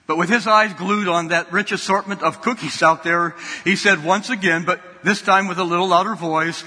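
A man's voice: high voice, moderate pace, few pauses, pushed and bright, husky. A man preaching a sermon, telling a folksy story and often repeating his words. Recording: long hall reverb.

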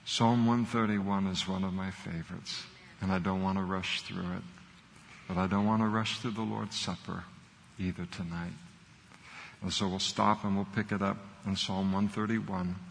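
Low-voiced pastor preaching in a reverberant church. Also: male voice, steady tone, normal speed, creaky, a little hiss or hum. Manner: earnest preaching, rising to emphatic repetition. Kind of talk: sermon. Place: church sanctuary.

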